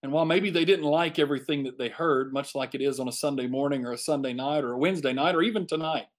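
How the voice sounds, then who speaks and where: A man's voice: medium pitch, quick pace. A man preaching a Bible study sermon to a congregation, emphatic and given to repeating phrases for effect.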